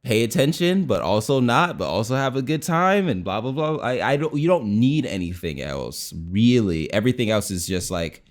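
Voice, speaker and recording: A man's voice: mid-range voice, very animated, moderate pace, few pauses. An American man co-hosting a comedy podcast, rambling through his theories in casual chat. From United States. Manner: rambling, theorizing, laughs often. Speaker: podcast co-host.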